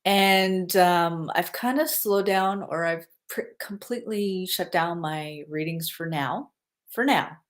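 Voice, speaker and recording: A woman who works as a psychic medium, telling a story in a casual, chatty way and laughing now and then. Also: on the low side. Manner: unhurried and chatty, laughs as she recounts.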